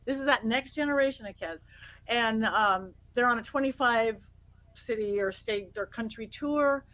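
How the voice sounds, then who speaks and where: Woman, middle-aged, interview guest, fairly high voice, animated storytelling, acts out quotes. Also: normal speed, poor audio. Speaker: guest psychic medium.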